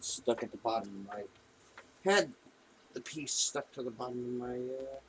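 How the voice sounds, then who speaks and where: A man's voice: mid-range voice, unhurried. A man streaming himself playing a game at his home desk, talking to himself as he plays and rambling along through headset audio. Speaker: gaming streamer. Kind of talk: live gameplay commentary. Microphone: gaming headset. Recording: noisy home stream recording.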